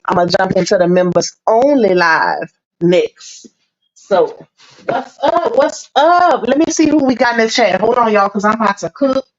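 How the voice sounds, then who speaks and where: A woman's voice: medium pitch, dry recording. A woman hosting a casual livestream, greeting viewers by name in a chatty, laughing way, a little under the weather. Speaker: livestream host. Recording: dull lo-fi stream audio.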